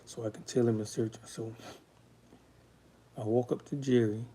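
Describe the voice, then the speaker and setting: A man's voice: mid-range voice, steady tone, moderate pace, mellow, breathy edge. A man telling his own life story with raw emotion, blunt and profane as he talks. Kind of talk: candid storytelling.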